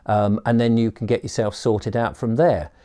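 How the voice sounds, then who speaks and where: A man's voice: on the low side, fairly even intonation, moderate pace, dark tone, natural voice. A man voicing a friendly, helpful biker from Sussex who offers a stranger a place to stay. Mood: kindly. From Sussex, England.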